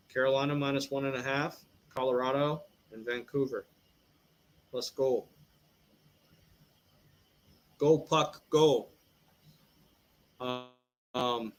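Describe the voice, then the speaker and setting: A man's voice: mid-range voice, fairly bright tone, slight background noise, poor audio. A young man hosting a sports podcast live stream, rambling through betting picks and draft talk with lots of fillers. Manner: rambling, filler-heavy, thinks aloud. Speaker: podcast host.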